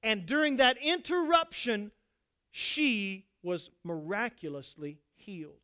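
A man preaching a sermon to his congregation as pastor, swinging between loud exhortation and quiet asides. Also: sits high, lively intonation, slow, smooth.

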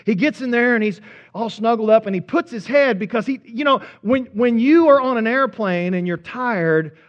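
A male pastor, telling an animated story in a sermon and calling out to the congregation. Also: high-pitched. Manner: animated, conversational, audience-engaging. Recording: dull lo-fi recording.

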